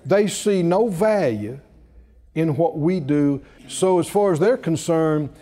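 Animated preacher man in a reverberant hall. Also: a little high, slow. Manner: animated storytelling with laughs and rising exclamations. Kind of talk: sermon.

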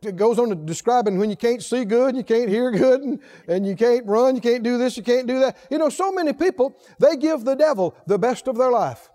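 A man preaching a sermon, emphatic and full of rhetorical questions to the congregation, swinging from soft low asides to loud exhortation. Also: brisk, hardly any pauses.

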